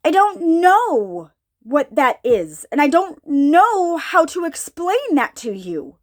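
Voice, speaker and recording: A woman's voice: sits high, very animated, slow pace. A woman preaching an informal sermon, thinking aloud, often repeating herself and asking her listeners questions. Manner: searching, repeats herself, asks the audience questions.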